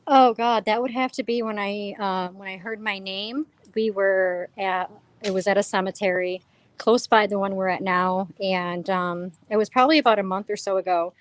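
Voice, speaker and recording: A woman's voice: medium pitch, moderate pace, clean tone, dry recording. Chatty woman telling ghost stories, dry sound. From New York. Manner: animated storyteller, quotes herself and others. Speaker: paranormal investigator guest. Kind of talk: casual interview chat.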